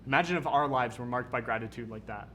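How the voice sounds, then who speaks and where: A young man from Canada, a youth pastor giving an energetic, conversational sermon. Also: medium pitch, fast, a little hiss or hum. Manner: energetic, casual, conversational preaching.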